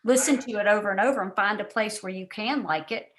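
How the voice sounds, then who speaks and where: A woman giving an animated, chatty coaching talk on a team call, full of asides. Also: mid-range voice, fast. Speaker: guest speaker and coach. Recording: roomy echo.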